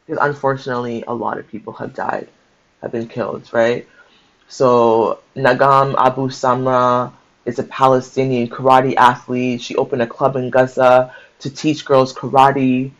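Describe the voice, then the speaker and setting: A man's voice: mid-range voice, flat delivery, normal speed. A man sharing a book aloud, mixing passages he reads with casual, emotional commentary of his own. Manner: conversational, mixes reading aloud with emotional asides. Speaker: book-share host. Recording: dull lo-fi sound.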